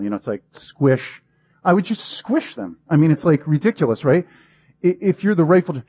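A man's voice: medium pitch, dark tone, slightly rough, no echo. A pastor preaching a sermon in a conversational, emphatic way, acting out the quotes he gives.

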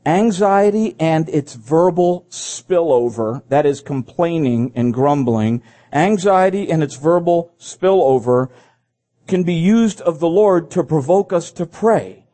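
A man's voice: on the high side, animated, slow, warm tone. A man preaching a sermon. He reads scripture aloud and breaks in with his own comments, repeating phrases as he goes.

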